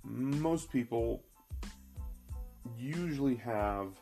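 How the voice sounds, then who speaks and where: A man with a gravelly, creaky edge to his voice gives an emphatic finance talk and speaks straight to the listener. He drives each point home by repeating it, and his pitch sits in a middling range. Soft music plays faintly underneath. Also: very slow. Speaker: financial educator. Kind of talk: motivational finance talk to viewers.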